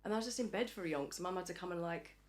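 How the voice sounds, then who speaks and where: A woman's voice: fairly low pitch, rapid-fire, slight background noise. An English woman in a casual podcast interview, chatty and acting out the voices of people she quotes. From England. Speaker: podcast guest. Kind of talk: casual chat.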